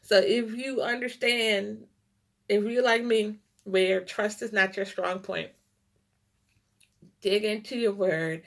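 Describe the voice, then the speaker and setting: A middle-aged woman giving a heartfelt devotional talk, in short halting phrases full of "like" and "um". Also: medium pitch, vocal fry, fairly bright tone. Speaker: Christian vlogger. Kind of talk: casual devotional talk to camera.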